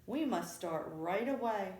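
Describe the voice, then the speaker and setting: A woman's voice: medium pitch, expressive, measured pace, darkish tone, lightly acted. A woman voicing a fussy, hard-working female iguana in a storybook reading, with a bossy, exasperated manner. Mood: insistent. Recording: echoey room.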